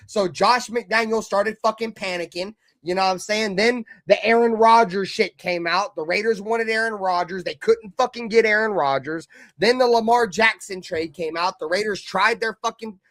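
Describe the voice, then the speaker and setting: A high-voiced man rants like a heated sports fan, cursing constantly and lurching from loud bursts to low mutters. His voice sounds close and dry, with no room around it. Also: moderate pace, no echo. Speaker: live stream host. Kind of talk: profane fan rant.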